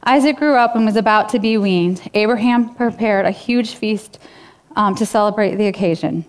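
Speaking at normal speed in a medium-pitched voice, a woman pastor delivers a relaxed, conversational sermon full of fillers. She retells a story and addresses her church directly.

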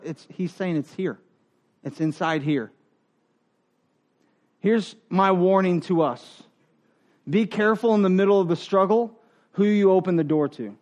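A pastor delivers his sermon in a fairly high voice, taking his time and pausing often. He's lively and full of jokes, acting out the voices of people he quotes and laughing along with the congregation.

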